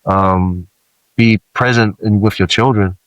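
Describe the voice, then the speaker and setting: A low-pitched man from Samoa speaks as a podcast guest, earnest and reflective, circling back and restarting his thoughts. The sound is close and dry, with no room around it. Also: steady tone, a little slow, no room sound, poor audio. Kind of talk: candid podcast conversation.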